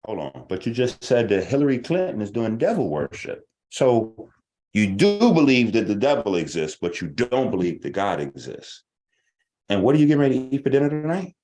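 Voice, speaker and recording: A man's voice: mid-range voice, big pitch swings, moderate pace, warm tone. A man hosting an online talk stream, giving a profane, rhetorical, argumentative casual monologue.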